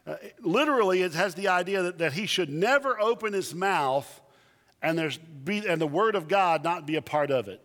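A man preaching to his congregation in an animated, emphatic way, with a slightly high voice. A long reverb from the church sanctuary trails his words. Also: moderate pace. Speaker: pastor. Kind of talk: sermon.

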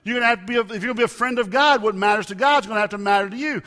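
A man preaching a sermon, with emphatic loud rises and soft drops. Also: high voice, rapid-fire. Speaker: pastor. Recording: long reverb of a large hall.

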